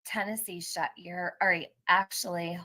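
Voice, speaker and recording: A woman's voice: fairly low pitch, steady tone, normal speed, sharp tone. A woman hosting a live stream, chatting casually with viewers and reading out their comments, laughing often.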